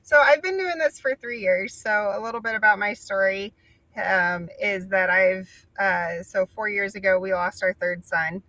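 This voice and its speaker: A woman's voice: medium pitch, normal speed, sharp tone, no echo, poor audio. A woman hosting an interview, talking casually and chattily with lots of fillers. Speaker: podcast host.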